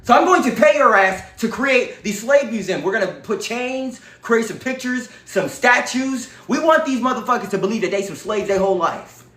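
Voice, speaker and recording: A crude, scheming official hands out bribes in a slow, mocking drawl, as a man puts him on. The voice sits noticeably higher than the speaker's own and echoes around the room. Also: expressive, a bit bright. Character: scheming crude male official bribing others.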